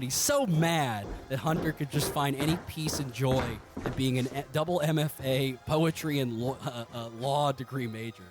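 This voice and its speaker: A man's voice: mid-range voice, moderate pace, over music. A man running a tabletop game as game master, narrating in a rambling way full of fillers and laughs.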